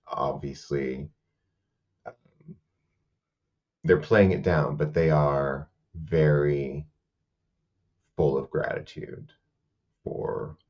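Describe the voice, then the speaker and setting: A man narrating a tabletop game as game master, halting with many fillers. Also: very deep voice, darkish tone, highs cut off.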